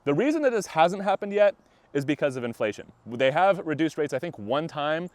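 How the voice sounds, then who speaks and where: A man's voice: a little high, a little fast, no echo. Young guy, chatty walking vlog, slightly winded, dry close sound, laughs through his points. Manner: chatty, animated, laughs often mid-sentence. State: out of breath while walking. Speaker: vlogger. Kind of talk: walking-and-talking vlog commentary. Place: outdoors on a walk.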